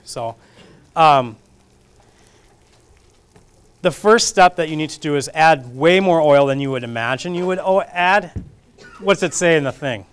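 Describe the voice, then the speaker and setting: In a community kitchen classroom, a man with a fairly high, smooth voice demonstrates a recipe during a casual cooking class. He's chatty, jokey, and self-deprecating, talking through each step as he cooks.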